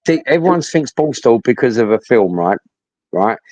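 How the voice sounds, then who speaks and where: A man's voice: mid-range voice, sing-song, moderate pace, crowd noise, rough recording. A middle-aged man, telling a story in casual chat, blunt and sweary, often repeating himself.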